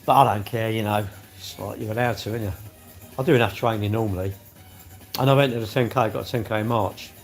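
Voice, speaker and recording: A man's voice: on the low side, fairly even intonation, fast. A man, chatting casually on a live stream and bantering with his viewers' comments. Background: faint music.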